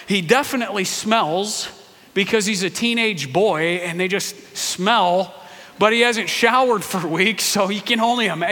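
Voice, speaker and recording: Bright-voiced pastor preaching in a reverberant hall. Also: male voice, high-pitched. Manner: animated storytelling with playful character voices and asides. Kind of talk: sermon.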